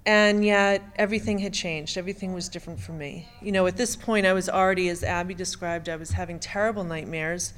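Halting middle-aged woman telling her story. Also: lowish voice, steady tone, a bit bright. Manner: halting, with frequent stammered restarts. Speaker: speaker giving personal testimony. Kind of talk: emotional personal testimony.

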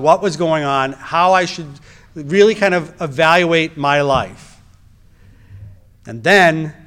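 A man's voice: a little high, fairly bright tone, clean tone. A middle-aged man, a reproductive endocrinologist, giving a personal testimony in a conversational storytelling way, with wry asides and frequent restarts.

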